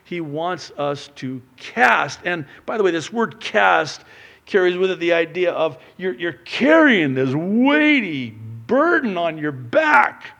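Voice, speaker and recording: Animated preacher man, big swings in volume. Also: sits high, slow pace, vocal fry. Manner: animated preaching, swings from loud to hushed, acts out dialogues; conversational asides with many fillers. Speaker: pastor. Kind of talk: sermon.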